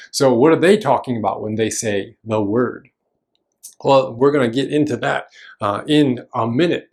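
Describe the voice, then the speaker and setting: Man preaching a chatty, casual sermon. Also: mid-range voice. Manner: casual, explanatory teaching with frequent fillers and restarts. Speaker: pastor. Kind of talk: conversational sermon. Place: church.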